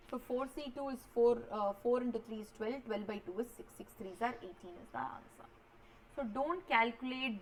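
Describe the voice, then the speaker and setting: A woman's voice: a little high, slight background noise, rough recording. A woman, teaching a maths revision lecture and walking students through each step, often checking they follow. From India.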